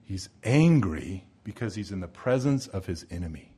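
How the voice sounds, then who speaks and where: A man preaching an expository sermon, moving between forceful emphasis and hushed, slow pauses. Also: deep voice, expressive, husky. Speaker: pastor.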